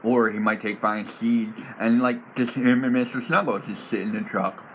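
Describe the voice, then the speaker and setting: A man casually explaining his tabletop role-playing character, rambling and animated and laughing often. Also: fairly low pitch, moderate pace, highs cut off, a little hiss or hum.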